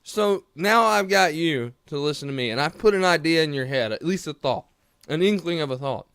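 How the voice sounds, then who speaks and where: A man's voice: a little high, expressive, normal speed, fairly bright tone, clean tone, no echo, clean studio sound. A man delivering a heated, profane, rambling political rant straight to camera. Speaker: political commentary vlogger. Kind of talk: profane ranting commentary to camera.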